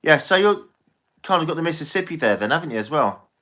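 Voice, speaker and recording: A man's voice: a little high, very animated, fast talker, pushed and bright. An English man chatting casually on a live stream as a tarot reader, rambling and swearing freely.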